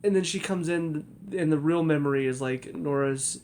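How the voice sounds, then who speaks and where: A man's voice: on the high side, normal speed, hardly any pauses, a little mellow, a little hiss or hum. A young man giving a casual spoken review of a TV episode, hesitant, with many fillers and restarts. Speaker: TV review vlogger.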